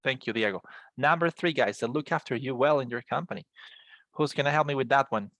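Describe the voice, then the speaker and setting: A man's voice: mid-range voice, a little fast, fairly bright tone, no room sound. A man teaching an English class over a video call, encouraging his students and often repeating words as he explains.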